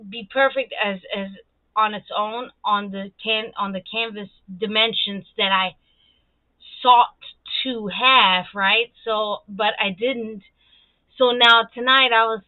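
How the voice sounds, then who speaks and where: A woman's voice: medium pitch, no echo. A woman from Serbia, chatting casually on her livestream while she paints, rambling and swearing as she vents. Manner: rambling, heavy swearing, animated venting. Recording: tinny phone-like dry sound.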